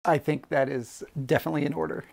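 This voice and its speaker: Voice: mid-range voice, steady tone, quick pace, creaky, darkish tone. A player in a tabletop miniatures game, plainly talking through the rules and planning moves.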